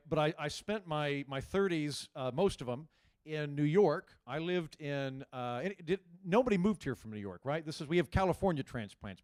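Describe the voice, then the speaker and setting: A stand-up comedian in his forties working a live crowd in a chatty, conversational style. He stumbles over his words and restarts often as he riffs with the audience. His voice is slightly high for a man and the sound is dry and close. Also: no echo.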